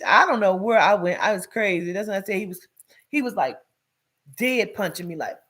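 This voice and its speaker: A woman at mid pitch tells her own story in a loose, casual way. She curses bluntly, talks straight to her listeners, and acts out what others said with lively changes in her voice. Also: fairly quick. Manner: profane, blunt and animated, acts out quoted speech; addresses listeners directly as "child" and "girl".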